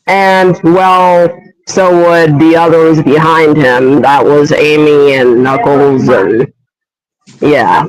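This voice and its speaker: A man's voice: a little high, fairly even intonation, takes it slowly, dry recording, low-quality recording. Hesitant, rambling young man. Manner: hesitant, rambling, many fillers. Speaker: fan voice actor. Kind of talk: rambling fan story pitch.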